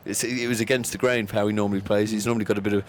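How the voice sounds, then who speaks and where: A man's voice: on the low side, flat delivery, racing, slight background noise. A man, a former England cricketer, giving frank, easygoing expert comment on live cricket radio while a little out of breath. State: slightly out of breath. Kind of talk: expert summariser chat.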